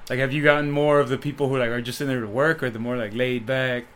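A man interviewing a guest casually, relaxed, chiming in and laughing along. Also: mid-range voice, fast talker, smooth.

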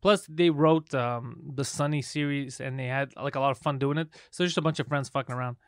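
A man's voice: mid-range voice, fairly even intonation, a little fast, smooth, no room sound, clean studio sound. A man co-hosting a comedy podcast, talking in a loose, crude, jokey way and laughing often. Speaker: podcast co-host. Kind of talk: casual comedy podcast chat.

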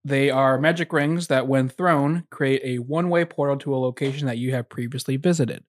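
A man in mid pitch talks earnestly at a tabletop game, reading item text steadily. The sound is dry and close, with no room around it. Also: normal speed, no echo. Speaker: player. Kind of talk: casual tabletop game chat.

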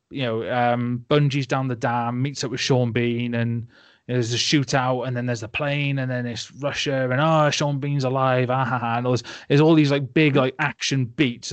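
A man's voice: medium pitch, no room sound. Young guy ranting about a movie, rambly and sarky, dead dry mic. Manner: rambling, sarcastic, laughing, mocking voices. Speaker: podcast host. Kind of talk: casual film-review chat.

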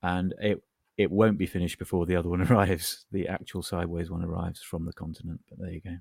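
A deep, gravelly man chatting wryly as a podcast co-host. He wanders through his stories with dry, self-deprecating asides. The sound is close and dry. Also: little pitch movement, quick pace, darkish tone, no echo. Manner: wry, rambling, self-deprecating. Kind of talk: casual chat.

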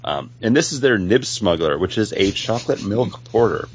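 A man's voice: fairly low pitch, expressive, moderate pace, husky. A man co-hosting a casual podcast, rambling with lots of fillers as he talks. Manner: rambling, many fillers and restarts. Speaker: podcast co-host. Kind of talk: casual chat.

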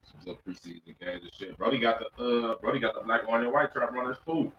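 A man in his thirties trades fast, joking banter full of slang. His voice is bright and quick. The lo-fi recording sounds distant and echoey. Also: mid-range voice, a little hiss or hum. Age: 30s. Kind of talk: casual chat. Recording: roomy, distant, dull lo-fi mic.

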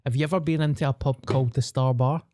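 Deadpan glasgow guy on a podcast, swears a lot, mellow voice, dry close sound. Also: mid-range voice, quick pace, dry recording. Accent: Glaswegian. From Scotland. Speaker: podcast co-host. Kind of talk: casual chat.

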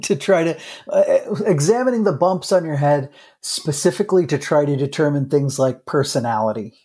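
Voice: medium pitch, lively intonation, normal speed, mellow, breathy edge. A podcast co-host in a casual chat, reacting and chiming in with an easygoing manner.

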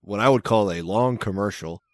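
Wry, rambling man with a lowish voice. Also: normal speed, no room sound. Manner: rambling and wry, with frequent fillers and restarts. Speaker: podcast co-host. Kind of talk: casual chat.

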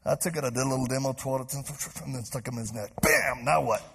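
A man preaching to a live congregation, telling a story with lively acted-out voices. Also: mid-range voice, fast talker, noisy background. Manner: animated, acts out voices in stories. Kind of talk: sermon storytelling. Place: church stage before a live crowd.

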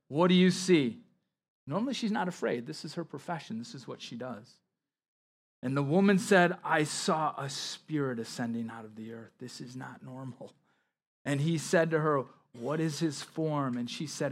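A man preaching a sermon as pastor, reading scripture aloud with emphatic rises and explaining it. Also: on the high side.

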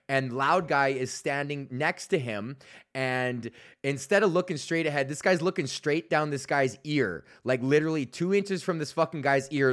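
Profane, exasperated guy ranting. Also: a little high. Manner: profane, exasperated, heavy swearing. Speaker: podcast host. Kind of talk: casual ranting monologue.

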